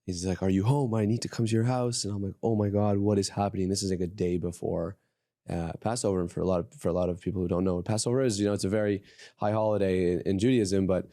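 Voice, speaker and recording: A man hosting a podcast, telling a story in a relaxed, hesitant way in casual interview chat. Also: low-pitched, fast talker, dry recording, studio quality. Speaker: podcast host.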